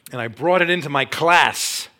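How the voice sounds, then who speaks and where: A middle-aged man preaching a testimony sermon, telling his story dramatically and swinging from hushed, low passages to loud, urgent ones. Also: normal speed. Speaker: Christian speaker and former teacher.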